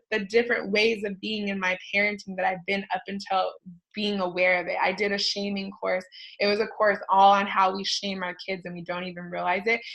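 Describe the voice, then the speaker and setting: A woman in her thirties, a podcast host, talking casually to her listeners in a rambling, animated way, full of fillers and tangents. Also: medium pitch, rough recording. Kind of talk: casual personal talk to listeners.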